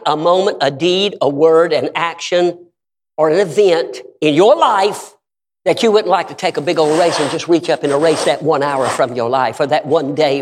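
Male pastor preaching hard, high voice, drops quiet then shouts, big echoey church. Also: fairly quick. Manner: impassioned preaching, swinging from hushed storytelling to shouts. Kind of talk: sermon. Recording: long reverb in a large hall.

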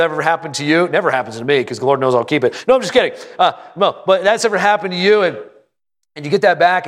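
A man preaching a sermon with a voice a little higher than most men's. He talks in a folksy, joking way and keeps asking the congregation questions. He slows down to lean hard on the lines that matter. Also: fairly bright tone. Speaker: pastor.

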